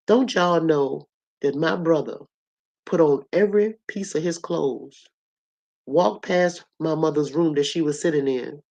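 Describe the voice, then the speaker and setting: A hoarse woman with a cough, telling a story to her audience in a blunt, colorful, animated way. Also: sits low, normal speed. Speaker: host.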